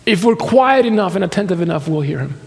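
This pastor in his fifties, with roots in Nicaragua and the US, speaks fast and expressively in a voice that sits high, with vocal fry. In a church hall sermon he shares a personal story, laughing and quoting voices along the way.

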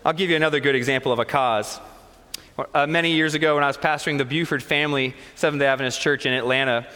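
A man's voice: mid-range voice, fairly even intonation, fast talker, sharp tone. A man preaching a sermon as pastor, talking casually and speaking straight to his congregation. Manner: conversational, addresses the congregation directly. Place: large church sanctuary. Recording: long reverb of a church hall.

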